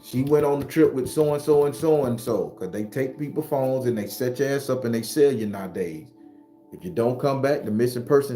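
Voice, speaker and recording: Male host, mid-pitched mellow voice, blunt and profane, casual live-stream chat over faint music. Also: moderate pace. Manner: blunt, profane, animated, greets viewers by name.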